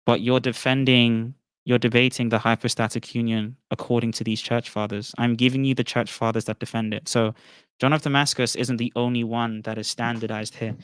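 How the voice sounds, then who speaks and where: A man argues in an online debate with an assertive, lecturing tone. His voice is smooth and resonant, and it sounds dry and close on the mic. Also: mid-range voice, flat delivery, brisk, dry recording. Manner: assertive, lecturing, presses questions.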